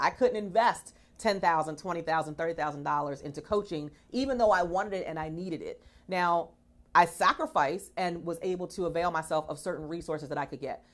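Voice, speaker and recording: A woman's voice: fairly low pitch, fairly bright tone. A woman hosting a motivational talk show. She talks in an emphatic, preachy way, and hypes up her audience.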